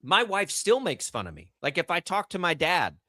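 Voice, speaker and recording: A middle-aged man ranting in disbelief on a radio sports show, his voice high and swinging widely up and down. The tone is bright and sharp. The studio mic sounds close and dry. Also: moderate pace, dry recording. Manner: animated, incredulous ranting. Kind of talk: casual radio banter.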